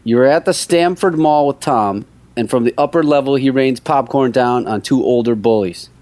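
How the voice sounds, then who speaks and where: A man's voice: mid-range voice, moderate pace, darkish tone. A man co-hosting a podcast, reading out quiz questions in a dry, teasing way. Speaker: podcast co-host.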